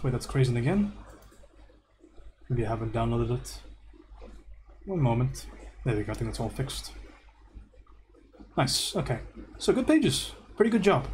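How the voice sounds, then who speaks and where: A man teaching art on a livestream, going through student homework and giving relaxed, encouraging feedback. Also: medium pitch, a little hiss or hum. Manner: relaxed and encouraging, thinks aloud with repeated praise.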